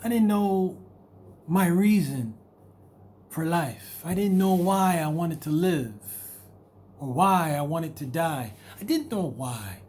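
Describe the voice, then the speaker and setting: Slow and animated, this motivational video host has a voice on the high side with a darkish tone. He pounds away at repeated rhetorical questions with emphasis while talking frankly about what he has struggled with.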